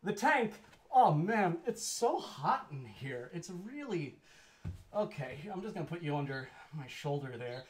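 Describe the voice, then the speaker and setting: A man's voice: a little high, big pitch swings, a little slow. A man hosting a live variety show casually, rambling with many fillers and poking fun at himself. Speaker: host.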